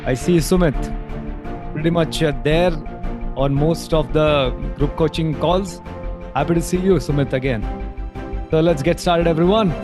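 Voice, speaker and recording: A man's voice: on the high side, normal speed, pauses often, over music. A man hosting an online group coaching call, talking in a friendly, encouraging way. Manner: energetic, leads repeated affirmations.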